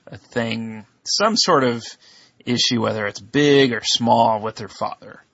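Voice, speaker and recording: A man's voice: medium pitch, a little slow, vocal fry, a bit bright, husky, dry recording, muffled recording. A man co-hosting a podcast, talking in a hesitant, word-searching casual way. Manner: hesitant, searching for words with fillers. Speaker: podcast co-host.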